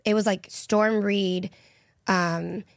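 A woman's voice: medium pitch, fairly even intonation, slow, creaky, no echo, clean studio sound. A young woman from Texas, a podcast guest chatting casually and teasing the hosts. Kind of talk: casual chat.

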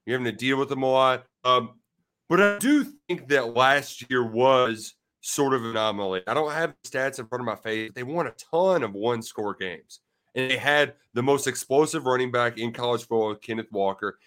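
A man's voice: mid-range voice, lively intonation, moderate pace, a bit bright. Joking man trading betting banter. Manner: playful, self-mocking banter. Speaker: podcast co-host. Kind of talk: casual sports betting chat.

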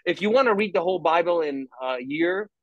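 A man speaking as an interview guest about his faith, talking in an animated, rambling way with many restarts. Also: high voice, a little fast, dry recording, lo-fi sound. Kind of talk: faith testimony in conversation.

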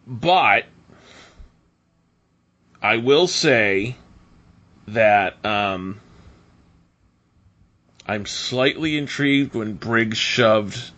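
Animated, bright-voiced man chatting casually. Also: fairly low pitch, extremely slow, pauses often. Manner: animated, laughs often, quotes others in mock voices. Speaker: podcast co-host. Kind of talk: casual chat.

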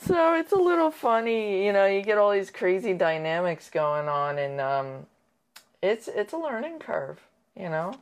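A woman's voice: medium pitch, very animated, a little slow. A woman co-hosting a casual chat show, blunt and laughing often, swearing freely. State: sick. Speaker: podcast co-host.

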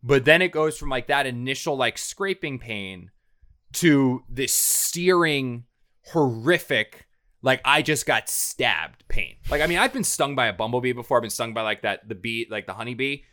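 Bright-voiced man telling a story. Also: medium pitch, moderate pace. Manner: animated, rambling, many fillers and restarts. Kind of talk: casual storytelling.

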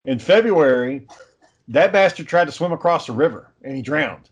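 A man's voice: on the high side, expressive, normal speed, slightly rough. A man who is a father, chatting casually and telling stories in a blunt, profane way. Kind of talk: casual chat.

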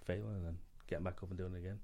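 A man with a low voice talks quickly through a relaxed conversation about his filmmaking. He rambles and restarts sentences, filling gaps with "like" and "you know". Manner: fast, rambling, lots of fillers and restarts. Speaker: filmmaker guest. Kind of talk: casual podcast conversation.

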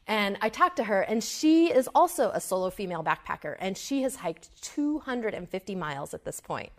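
A middle-aged woman tells a story from the stage, animated and expressive. She slips into her own worried inner voice as she goes. Her pitch sits in an everyday middle range. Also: a little fast, hardly any pauses. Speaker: speaker at a summit. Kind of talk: storytelling talk.

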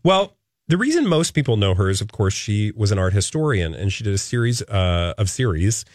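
A man's voice: on the low side, very animated, a little fast, darkish tone, no room sound. A man co-hosting a morning talk radio show, chatting and joking in a studio. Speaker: radio host. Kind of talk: casual radio chat.

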